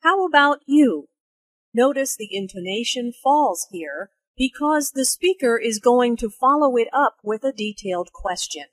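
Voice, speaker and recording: A woman explaining English phrases and their intonation in a slow, careful teaching voice. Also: breathy edge, dry recording. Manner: slow, careful, with lively pitch for spoken examples. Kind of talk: slow, clearly articulated teaching narration and dialogue.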